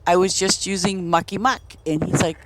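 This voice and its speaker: A woman's voice: on the low side, fairly even intonation, normal speed, slight background noise. A woman chatting casually while she streams a game, rambling from story to story and laughing often. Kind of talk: casual chat while playing. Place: home, in Boston.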